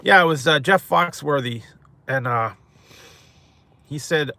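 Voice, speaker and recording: Guy rambling at his live chat, bright sharp voice, laughs a lot. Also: a little high, a little slow, gravelly, no room sound. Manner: rambling, chuckling often. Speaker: mukbang host. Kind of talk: casual chat to live viewers.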